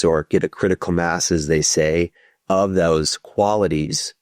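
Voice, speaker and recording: A male psychotherapist talking through ideas in a relaxed podcast interview, sometimes acting out inner voices. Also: deep voice, dry recording, studio quality. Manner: thoughtful, explanatory, acts out inner voices. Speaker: psychotherapist guest.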